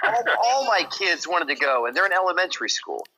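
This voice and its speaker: A man chatting and teasing friends on a group live stream, quick and excitable. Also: high voice, a little hiss or hum, poor audio. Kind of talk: casual chat on a group stream.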